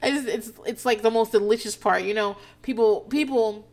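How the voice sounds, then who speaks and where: A woman casually recapping a reality TV episode, animated and profane, laughing often as she talks. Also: a little high, normal speed. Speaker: TV recap host.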